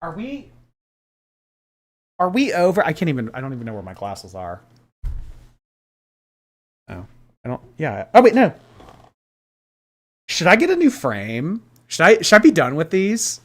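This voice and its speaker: Chatty, animated male streamer. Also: a little high, unhurried, pauses often. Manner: animated and gossipy, laughing often. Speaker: livestream host reading viewer chat. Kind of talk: casual livestream chat.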